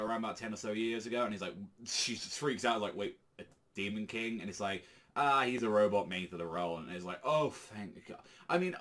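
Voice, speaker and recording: Rambling, cursing man with a lowish voice. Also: a bit bright. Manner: rambling, filler-heavy, profane. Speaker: manga reaction youtuber. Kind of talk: casual chat.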